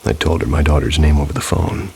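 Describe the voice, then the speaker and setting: A man's voice: rumbling low, fast, vocal fry, a little mellow, slight background noise. A man narrating first-person paranormal stories in a scripted way, dropping dry, wry asides. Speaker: storyteller reading viewer stories.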